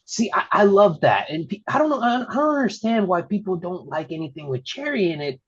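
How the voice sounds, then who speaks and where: A man's voice: sits high, big pitch swings, fairly quick, husky. Man wrestling referee, dull lo-fi recording. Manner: laughs often while telling stories. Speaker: wrestling referee, podcast guest. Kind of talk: casual storytelling chat.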